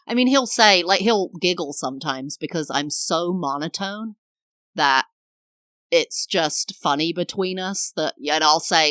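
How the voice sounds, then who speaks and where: A woman's voice: low voice, a little slow, a bit bright, smooth, no room sound. A woman in her thirties hosting a solo podcast, talking earnestly and reflectively and acting out different tones of voice. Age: 30s. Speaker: podcast host. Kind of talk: casual solo podcast talk.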